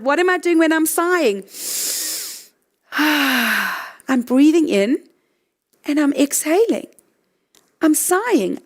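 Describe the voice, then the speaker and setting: A middle-aged woman leading a guided breathing talk, gently walking listeners through exercises. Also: sits high. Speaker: breathing coach.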